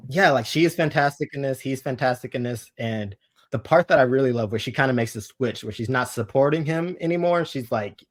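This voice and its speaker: A man speaking as a guest reviewer in a casual podcast chat, relaxed and hesitant, with frequent fillers. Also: mid-range voice, fairly quick.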